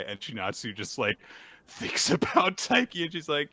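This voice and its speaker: A man co-hosting a casual manga recap podcast, animated and often acting out characters' lines in high put-on voices. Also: a little slow, vocal fry, no room sound. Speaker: podcast co-host.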